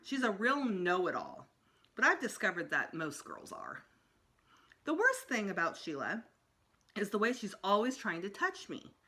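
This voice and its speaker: A teacher reading a children's chapter book aloud, telling it expressively with shifts in pitch and loudness. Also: female voice, a little slow. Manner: expressive storyteller, varies pitch and loudness for effect.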